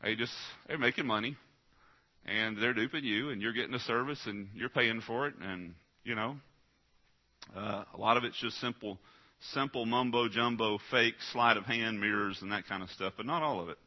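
A pastor with a lowish male voice preaches a direct, emphatic sermon at a moderate pace, often putting questions to his listeners. The recording is dull and lo-fi.

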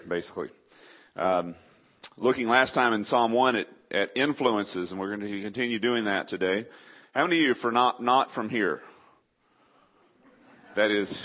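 With a mid-range voice and a faint East Texas Southern accent, a man from southeast Texas gives a folksy, chatty sermon and quizzes the congregation. The sound quality is dull and lo-fi.

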